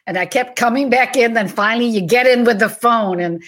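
A woman's voice: fairly high pitch, fairly quick. A woman co-hosting a casual online chat show, telling stories with frequent laughter. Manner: animated, laughing storyteller. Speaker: co-host.

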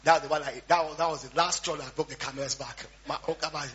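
A man preaching a storytelling sermon, swinging between quiet asides and loud shouts. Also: a little high, fairly even intonation, quick pace. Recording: dull lo-fi sound with faint hum.

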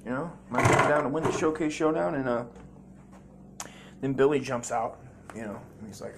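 A man's voice: medium pitch, steady tone, normal speed, pauses often, noisy background. A man telling loose, profane stories from his childhood in a casual comedy monologue. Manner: profane, rambling, mimics voices loudly. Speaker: comedy storyteller. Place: home.

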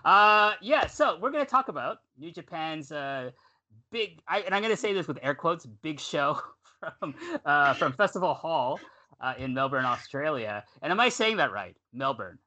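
A Canadian man co-hosts a podcast in a loose, chatty way. He rambles, backtracks and corrects himself. His voice is bright and very animated in pitch. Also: moderate pace, lo-fi sound. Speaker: podcast co-host. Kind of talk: casual podcast chat.

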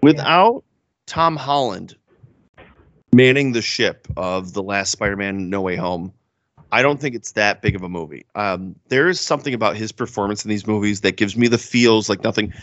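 Man, young adult, podcast co-host, animated, laughs a lot, dull dry recording. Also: lowish voice, moderate pace, no room sound. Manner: animated, enthusiastic, laughing often. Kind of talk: casual movie chat.

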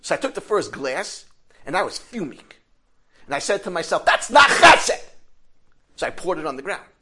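A man voicing a proud middle-aged hotel owner who flares into shouting. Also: a little high, a little fast, a little hiss or hum, pitched above the performer's own voice. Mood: indignant. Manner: swings from calm to furious shouting.

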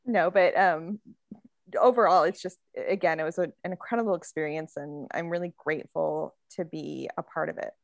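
A woman author chats easily in a podcast interview, laughing often and padding her answers with fillers. Her voice is a little low for a woman and has a gravelly edge. The close mic gives a dry sound with almost no room in it. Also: steady tone, normal speed, dry recording. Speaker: author guest. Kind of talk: casual interview chat.

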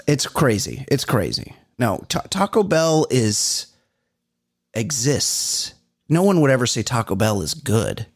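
Gravelly, animated middle-aged man. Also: measured pace. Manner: animated, acts out exchanges with big pitch jumps. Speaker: podcast co-host. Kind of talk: casual comedic chat.

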